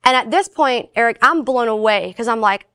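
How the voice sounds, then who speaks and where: A woman telling a personal faith story in a casual, animated way, briefly acting out the voices of the people in it. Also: on the high side, moderate pace, clean tone, no echo, studio quality. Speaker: guest sharing her faith testimony.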